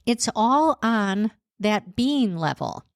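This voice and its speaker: A woman's voice: fairly high pitch, lively intonation, takes it slowly, dry recording, studio quality. A woman hosting her own coaching podcast, speaking in an encouraging tone and asking rhetorical questions while getting over a cold. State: recovering from a cold. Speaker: podcast host and life coach. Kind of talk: solo podcast talk.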